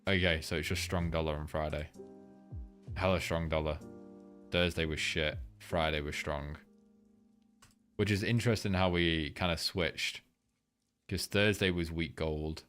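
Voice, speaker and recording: A man's voice: very deep voice, fairly even intonation, a little slow, long pauses, a bit bright, soft background music. A young man hosting a casual live market breakdown, rambling loosely, swearing freely and filling gaps with ums while he reads chat. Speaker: trading livestream host.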